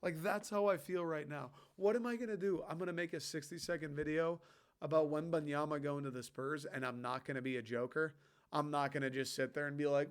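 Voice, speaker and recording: A young man from hosts a casual podcast, riffing sarcastically and swearing freely. His voice sits on the higher side and sounds smooth and resonant, with an animated, joking delivery. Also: a little fast. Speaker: podcast host. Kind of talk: casual solo rant.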